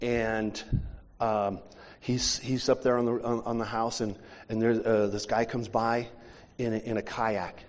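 A male pastor preaching a sermon, telling stories with animated restarts, in a church hall. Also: medium pitch, unhurried. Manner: animated storytelling with repeated restarts. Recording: long church hall reverb.

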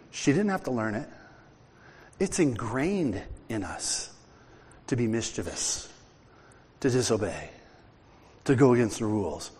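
An older man preaching a sermon in an animated, conversational way, acting out bits of dialogue. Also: medium pitch, breathy edge, big-room sound. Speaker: pastor.

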